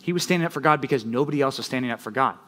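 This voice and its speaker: A man preaching a sermon as pastor, animated and conversational, often checking in with "right?". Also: medium pitch, racing.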